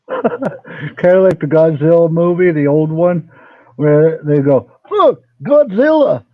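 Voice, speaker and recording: A man hosting a casual online talk, laid-back and agreeing with short quick replies. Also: on the high side, no room sound. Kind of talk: casual chat. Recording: tinny phone-like line.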